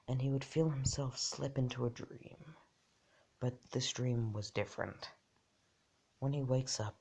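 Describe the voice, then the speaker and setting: Slow, half-whispering male storyteller. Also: mid-range voice, creaky. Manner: rambling, self-correcting, often half-whispered. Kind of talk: improvised fan story narration.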